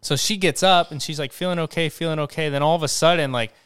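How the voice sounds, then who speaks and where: Brief: young male co-host, smooth clear voice, animated storyteller who swears a lot. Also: on the high side, fast talker. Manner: animated, acts out voices when excited, swears freely. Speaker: podcast co-host. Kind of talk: casual storytelling chat.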